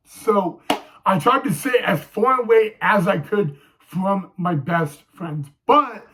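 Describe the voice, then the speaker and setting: Halting, high-voiced young man. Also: sharp tone, poor audio. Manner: halting, many fillers and restarts. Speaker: vlogger. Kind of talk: casual personal storytelling.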